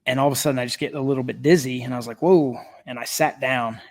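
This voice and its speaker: A middle-aged man, guest on a podcast, recounting a story in relaxed conversation. His pitch sits in an ordinary middle range. He talks in an animated, chatty way, breaking into laughter and peppering his sentences with fillers. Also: rapid-fire. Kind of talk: casual storytelling.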